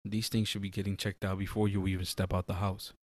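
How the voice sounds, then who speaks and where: Male co-host, lowish pitch, dry close sound, animated and profane, acts out scenes. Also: fast, no echo. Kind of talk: casual podcast chat.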